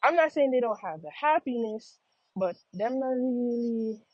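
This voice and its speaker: A woman's voice: fairly high pitch, animated, unhurried, no echo. A young American woman speaking with a Jamaican patois accent, chatting casually to her viewers and often repeating phrases. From United States. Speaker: vlogger. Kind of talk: casual monologue. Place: outdoors on a walk. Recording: slightly dull lo-fi audio.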